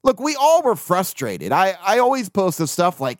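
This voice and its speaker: A man hosts a casual sports podcast, venting in blunt, profane bursts. His voice sits a bit high for a man. The sound is dry and close, with no room around it. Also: very animated, moderate pace, few pauses, no room sound. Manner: blunt, profane, venting, with mocking put-on quotes. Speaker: podcast host.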